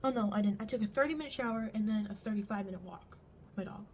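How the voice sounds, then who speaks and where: A teenage girl doing a get-ready-with-me vlog in her bedroom, rambling and animated with lots of fillers. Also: mid-range voice, very fast, slight background noise, rough recording. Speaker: vlogger.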